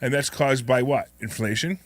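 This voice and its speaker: A hoarse man co-hosting a call-in show, chatting casually and joking with his partner. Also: mid-range voice, moderate pace, dry recording. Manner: upbeat, joking, plugs the phone number. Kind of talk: casual radio chat.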